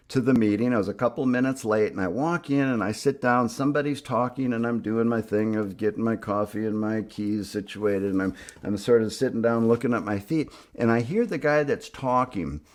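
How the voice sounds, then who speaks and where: A man telling a personal story in an animated, emphatic way, acting out what people said. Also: lowish voice. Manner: animated, emphatic, acts out quoted speech. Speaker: speaker on youth addiction treatment.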